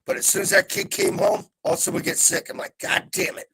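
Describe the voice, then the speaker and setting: A man's voice: fast talker, a bit bright. A middle-aged man bantering casually on a live stream, joking and swearing. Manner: swearing, joking, wild pitch jumps.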